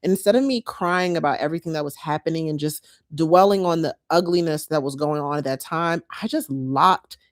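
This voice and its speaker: A woman's voice: sits low, fairly quick, hardly any pauses. A woman, chatting casually and heartfelt to her viewers as a lifestyle vlogger.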